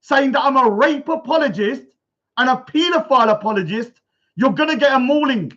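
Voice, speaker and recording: A man hosting a livestream, ranting loudly and confrontationally at his critics, repeating himself and reading out viewer comments. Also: extremely high pitch, expressive, brisk, highs cut off. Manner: loud, confrontational, repetitive. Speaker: livestream host. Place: indoors at a bungalow.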